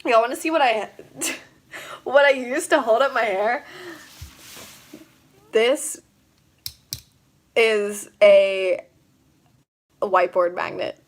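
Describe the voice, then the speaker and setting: A woman's voice: on the high side, takes it slowly, long pauses. A young woman chatting casually on a livestream, rambling with lots of fillers and frequent giggles. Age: young adult. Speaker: vlogger.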